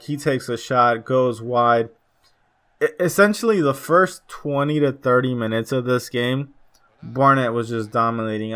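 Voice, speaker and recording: A young man casually commentating his football video game match for viewers, chatty and excitable, calling them boys. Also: medium pitch. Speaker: gaming YouTuber. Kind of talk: gameplay commentary.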